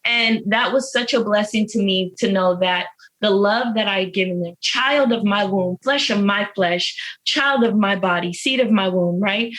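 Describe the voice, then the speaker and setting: An incarcerated mother, interviewed from jail, describes her life emotionally and nearly cries, repeating phrases with earnest, faith-filled emphasis. Her medium-pitched, fairly bright voice moves at a moderate pace over poor audio.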